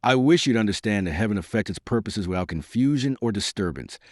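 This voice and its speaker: A man narrating who voices a cold, scheming male conspirator, speaking calmly with quiet disdain. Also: on the low side, fast talker, no echo, clean studio sound, close to an everyday voice. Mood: coldly assured. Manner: cool, tranquil, quietly disdainful.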